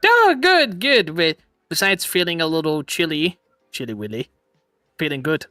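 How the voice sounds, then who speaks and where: Giggly young man with a bright voice. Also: fairly high pitch, huge pitch swings, normal speed, dry recording, clean studio sound. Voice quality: giggly, laughs often. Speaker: VTuber streamer host. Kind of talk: casual chat.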